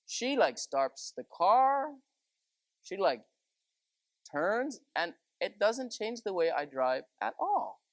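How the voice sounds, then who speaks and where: A man's voice: high voice, big pitch swings, takes it slowly, no room sound. A man giving a chatty, conversational sermon full of stories and asides. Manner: folksy, chatty, many asides of "you know". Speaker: preacher.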